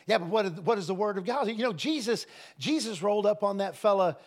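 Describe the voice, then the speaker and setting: A man preaching a sermon to a congregation, telling stories emphatically and breaking into shouts and laughter. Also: high-pitched, a little fast. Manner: emphatic, swings into shouting and laughter, lively storytelling. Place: church service with a congregation.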